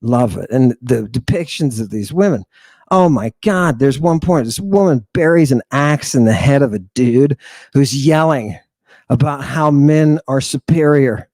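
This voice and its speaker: A man's voice: medium pitch, expressive, unhurried, a little mellow, no room sound. A man giving a casual, irreverent lecture, joking and cutting himself off mid-thought. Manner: irreverent, joking, talks over himself and restarts.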